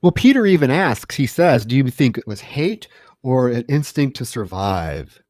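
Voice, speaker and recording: A man's voice: medium pitch, big pitch swings, moderate pace, a little mellow, no room sound, studio quality. A man co-hosting a movie podcast, wryly recapping the plot in casual chat. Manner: wry, recapping plot at length. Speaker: podcast co-host.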